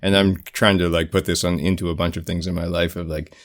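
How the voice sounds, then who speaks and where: Man, very low voice, candid, loose, swears casually. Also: little pitch movement, quick pace. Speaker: podcast co-host and player. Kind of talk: casual podcast chat.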